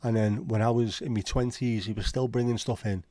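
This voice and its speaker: A man's voice: lowish voice, steady tone, fairly quick, dark tone, no room sound. A man with a Liverpool accent hosting a casual livestream chat, rambling and opinionated with frequent swearing. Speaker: livestream host.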